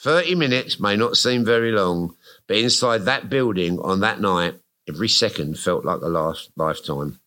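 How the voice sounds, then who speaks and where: A man's voice: fairly low pitch, expressive, moderate pace, pushed and bright. A man, reading his memoir aloud to a live audience on stage, with a wry, self-mocking comic delivery. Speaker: guest author. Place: live music venue stage.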